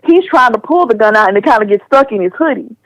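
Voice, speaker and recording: Woman caller, high voice, indignant retelling, dry close sound. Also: quick pace, no echo, rough recording. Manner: animated, indignant storytelling. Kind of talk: casual podcast call-in.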